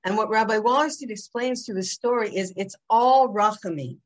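A woman giving a religious class, telling the story with lively rises and drops in her voice. She acts out the quoted speakers with her own voice and keeps a teaching tone throughout. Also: medium pitch, moderate pace. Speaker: Torah teacher.

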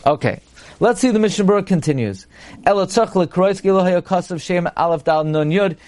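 Male rabbi lecturer, slightly high voice, explanatory Torah-class delivery. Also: animated, fairly quick, darkish tone. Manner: explanatory, reads Hebrew text then translates, frequent restarts. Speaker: rabbi teaching halacha.

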